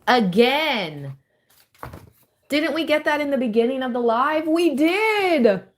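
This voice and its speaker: A young woman hosting a live tarot reading, chatting casually and excitedly with frequent laughter. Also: sits high, takes it slowly.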